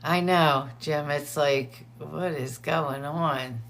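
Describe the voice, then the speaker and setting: Slow, gravelly-voiced woman hosting a livestream. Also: low voice, fairly bright tone. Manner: chatty, greets viewers by name between updates. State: teary eyes from allergies. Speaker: livestream host. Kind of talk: casual livestream chat greeting viewers.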